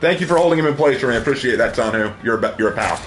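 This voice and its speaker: A man's voice: mid-range voice, animated, rapid-fire, fairly bright tone, slight background noise. A man chatting casually on a gaming livestream, loose and jokey as he reacts to viewers.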